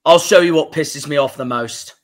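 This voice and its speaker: A man's voice: fairly high pitch, moderate pace. A young man with a Cornish accent, angry and swearing as he hosts a football fan livestream reaction. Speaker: football fan channel host.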